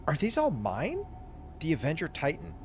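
Excitable young-sounding gamer man, lively pitch. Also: moderate pace, a little hiss or hum. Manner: excitable, chatty, reacts aloud to everything. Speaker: gaming YouTuber. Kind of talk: casual gameplay commentary. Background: game music.

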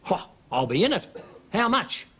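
A man's voice: high-pitched, very animated, normal speed, fairly bright tone, breathy edge, full character voice. An actor playing a dim, boastful, bumbling middle-aged Australian man, blurting out and stammering in a studio sitcom. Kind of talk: 1980s studio sitcom acting.

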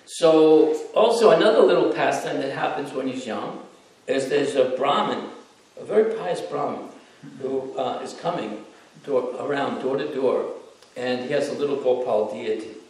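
Male devotional lecturer, animated storyteller, distant mic, very echoey hall. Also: medium pitch. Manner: animated, acts out the voices in stories.

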